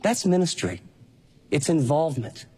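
A man's voice: sing-song, normal speed, mellow, breathy edge, low-quality recording. A man preaching a sermon, reading scripture and exhorting with emphatic passion. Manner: impassioned, emphatic preaching with pitch swings. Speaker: pastor.

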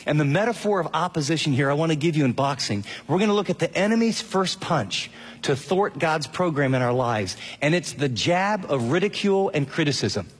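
A middle-aged man preaches a lively radio sermon and acts out quoted voices as he goes. His voice is husky and a little breathy. A long hall reverb trails his words. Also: on the high side, brisk. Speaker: pastor.

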